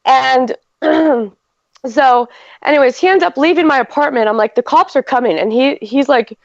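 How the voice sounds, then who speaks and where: A woman's voice: high-pitched, moderate pace, no room sound. A woman in her thirties from Canada, chatting on a podcast and telling a long personal story full of fillers and quoted dialogue. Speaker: podcast co-host. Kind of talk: casual chat. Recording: dry, dull lo-fi podcast audio.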